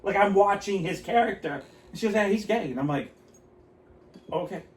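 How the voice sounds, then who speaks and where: A man's voice: sits high, normal speed. A man co-hosting a podcast, chatting casually and telling rambling stories with lots of laughter. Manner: rambling, animated storytelling with frequent laughter. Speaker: podcast co-host. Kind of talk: casual chat. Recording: roomy, slightly distant with faint noise.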